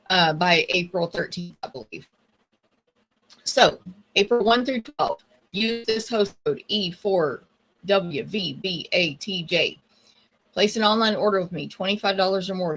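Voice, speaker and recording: Craft demo host: a woman with a breathy, lowish voice, casual and a bit scattered. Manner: chatty, scattered, often losing her train of thought. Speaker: craft supply demonstrator hosting a livestream. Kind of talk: casual live-stream chat.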